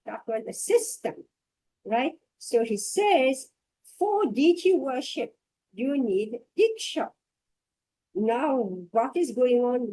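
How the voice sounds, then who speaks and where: A woman's voice: sits high, big pitch swings, slow pace, dark tone, rough recording. A woman teaching a scripture class, reading passages aloud and discussing them. She talks reflectively and repeats phrases for emphasis.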